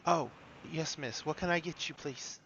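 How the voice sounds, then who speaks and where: A woman's voice: deep voice, normal speed, a bit bright, muffled recording, slight background noise. A man voicing an eager young waitress with a put-on Southern drawl, polite and keen to please. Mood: chipper.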